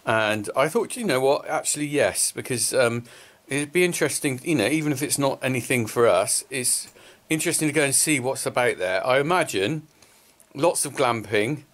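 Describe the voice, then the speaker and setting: A man's voice: mid-range voice, lively intonation, normal speed. A man, a farmer, talking casually to his camera in a rambling way with lots of fillers as he walks around an exhibition hall. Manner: chatty and rambling, with many fillers. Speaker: farmer vlogger. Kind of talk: casual vlog narration. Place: indoor exhibition hall, walking through. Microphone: handheld camera filming as he walks. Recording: loud background noise.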